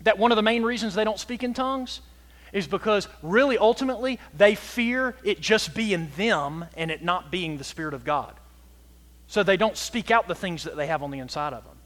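A pastor preaches with a high, ringing voice. He presses hard on some lines and drops to a hush on others. The reverb of a large church hall carries his words. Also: expressive, moderate pace. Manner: emphatic preaching, swinging from loud to hushed. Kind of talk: sermon. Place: church sanctuary.

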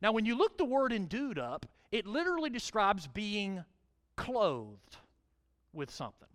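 Middle-aged male pastor, animated sermon delivery, high and very expressive pitch. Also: measured pace. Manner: animated preaching, swells loud on scripture and emphasis.

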